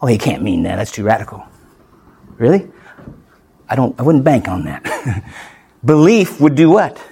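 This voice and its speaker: A man's voice: on the high side, a little mellow, slightly rough. A man preaching a sermon as pastor, emphatic and often turning to the congregation with questions.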